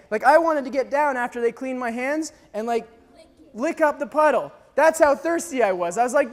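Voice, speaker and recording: A man from Canada telling a dramatic personal story to a live audience, acting out voices and shouts as he goes. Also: extremely high pitch, lively intonation, moderate pace, in a large hall. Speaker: speaker telling a mission story.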